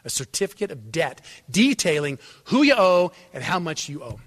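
A man preaching in a church sanctuary, with a high, bright, ringing voice. He tells his stories with a lot of life, sinking to hushed asides and then climbing to loud, forceful emphasis. The sound carries a long reverb from the hall. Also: normal speed. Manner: animated storytelling, swings from hushed to loud. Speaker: pastor. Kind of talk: sermon.

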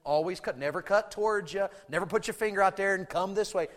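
A man preaching to teenagers with animated storytelling, swinging from quiet asides into shouted bursts. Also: high-pitched, fast. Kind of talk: youth sermon. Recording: hall reverb.

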